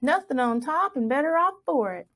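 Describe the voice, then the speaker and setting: A woman's voice: high-pitched, normal speed, voice pushed up. A woman voicing a forgetful, eager young country boy who chants his lines in a singsong in a read-aloud storybook. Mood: chanting. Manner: singsong chanting, excited shouting.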